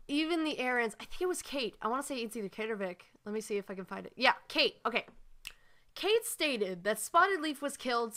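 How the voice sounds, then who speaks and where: Give me a frustrated woman ranting, with a bright, slightly high voice. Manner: frustrated, sighing, lots of fillers. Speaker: fan analysis video maker. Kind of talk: ranting commentary.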